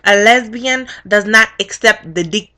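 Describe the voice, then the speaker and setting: A young woman casually recapping a reality show, blunt and profane, with animated storytelling. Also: medium pitch, unhurried.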